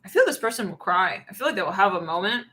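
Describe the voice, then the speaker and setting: A woman giving a channeled tarot reading, animated and acting out quoted voices as she goes. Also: mid-range voice, fast talker, low-quality recording. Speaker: tarot reader.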